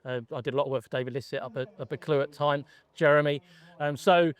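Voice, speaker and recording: A man's voice: fairly high pitch, fairly even intonation, fast talker, clear, resonant tone, no echo, dull audio. A middle-aged man, a gun dog trainer from England, chatting casually as a podcast guest and telling his story with many restarts.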